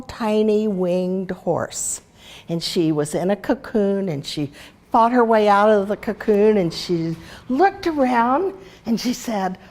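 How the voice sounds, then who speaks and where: Gravelly-voiced older woman telling stories. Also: fairly low pitch. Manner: chatty, anecdotal, warm storyteller with small laughs. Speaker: speaker and teacher. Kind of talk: casual teaching talk with storytelling.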